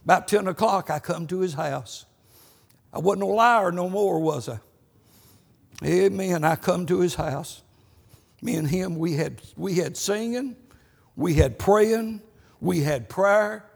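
A man delivers a folksy sermon with a high, gravelly voice. His tone is slightly husky, and he sprinkles amens throughout. A long reverb from a church hall trails his words. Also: a little slow, pauses often. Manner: folksy storytelling, repeated amens. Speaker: pastor.

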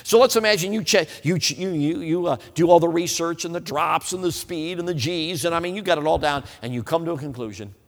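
Speaking a little fast with hardly any pauses, a man with a voice on the high side gives a humorous, folksy sermon in a reverberant church hall. He tells stories with animation and keeps asking the congregation if they know what he means.

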